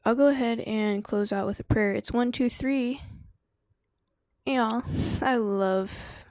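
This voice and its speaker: A woman's voice: a little high, slow pace, darkish tone, no echo, studio quality. A woman hosting a casual live stream, slangy and laughing often as she answers chat and drifts into spiritual preaching. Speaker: livestream host.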